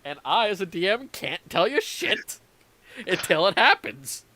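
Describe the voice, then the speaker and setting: A man's voice: high-pitched, sing-song, unhurried, bright, forceful tone, no echo. A man running a tabletop game as dungeon master, chatting casually after the session, swearing and laughing often. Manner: profane, laughing, quotes players in silly voices. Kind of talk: casual post-session chat.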